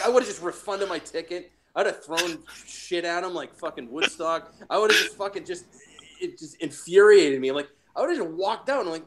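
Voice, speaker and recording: A man's voice: on the high side, lively intonation, moderate pace. A man from Massachusetts, a podcast guest, rambling in casual profane chat with many restarts and laughs.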